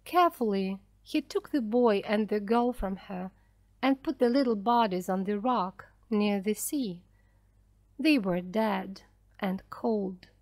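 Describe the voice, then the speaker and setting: A woman narrating a graded reader story slowly and clearly for language learners. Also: mid-range voice, a little mellow, dry recording. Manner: slow, clear, carefully paced for learners.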